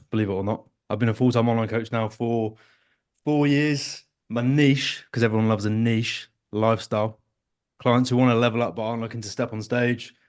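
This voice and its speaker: A man's voice: mid-range voice, clean tone. A man who works as an online fitness coach, chatting casually on a podcast with self-deprecating humor. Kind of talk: casual chat.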